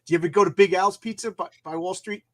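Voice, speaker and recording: A man hosting a live comics chat on his channel, effusive and excitable and often tripping over his words. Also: sits high, fast. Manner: effusive, excitable, stumbling restarts.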